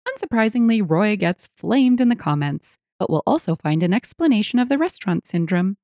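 A woman reading out a story as scripted narration, expressive in tone. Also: medium pitch, a little fast, dry recording, studio quality.

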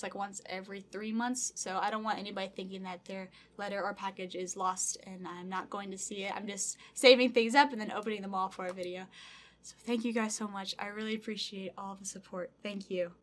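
A woman's voice: medium pitch, a bit bright. A young woman YouTuber opening fan mail at home in a casual vlog, gushing and thanking viewers again and again. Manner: bubbly, gushing, thanks over and over. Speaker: gaming YouTuber. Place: home room.

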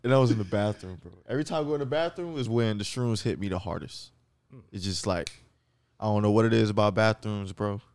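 A man co-hosting a podcast in casual chat, reacting loudly and calling people bro. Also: lowish voice, fast talker, clear, resonant tone, no echo. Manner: reactive, says bro a lot, laughs. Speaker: podcast co-host.

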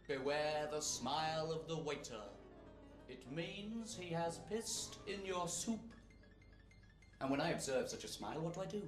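A male comedian with a London accent delivering a deadpan mock sermon with a gruff, blokey put-on voice. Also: fairly high pitch, takes it slowly, pauses often, faint music behind. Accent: London English.

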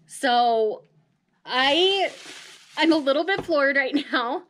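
A woman's voice: high-pitched, lively intonation, slow pace, fairly bright tone, a little hiss or hum. A woman hosting a casual unboxing vlog, gushing and emotional, often laughing as she talks to her viewers. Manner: chatty, addresses viewers directly. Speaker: manga vlogger.

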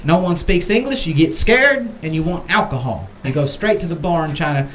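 A man's voice: a little high, lively intonation, a little fast, fairly bright tone, a little hiss or hum. A man co-hosting a talk show, telling a rambling comic story and repeating lines for laughs.

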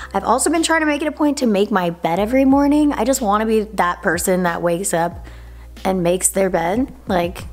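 A woman's voice: mid-range voice, darkish tone. A young woman in her twenties chatting casually to camera in a home vlog, upbeat and full of "like" and "literally". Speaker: vlogger. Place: home indoors.

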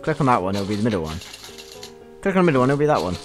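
A man's voice: mid-range voice, very animated, racing, music in the background. A young man giving crude, swear-filled gameplay commentary as a YouTube gamer, mocking the game as he plays. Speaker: gaming YouTuber.

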